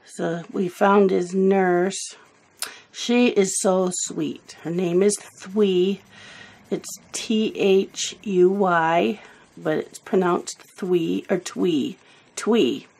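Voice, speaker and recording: A woman's voice: mid-range voice, fairly even intonation, drawn-out words, creaky, a little mellow, slightly rough. A woman telling a rambling family story in casual chat while she colors, sometimes losing her words. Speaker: coloring video host.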